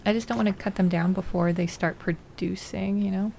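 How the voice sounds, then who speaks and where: A woman streamer chatting casually and excitably as she plays, thinking aloud. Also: medium pitch, a little fast, vocal fry, hardly any pauses. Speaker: game streamer. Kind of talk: casual gameplay commentary. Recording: noisy home recording.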